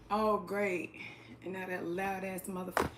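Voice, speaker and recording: A woman hosting a casual livestream from her apartment, talking straight into a phone or webcam, blunt and profane, laughing quickly and reading the chat aloud. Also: medium pitch, level tone, slight background noise. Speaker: livestream host. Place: indoors at home, an apartment.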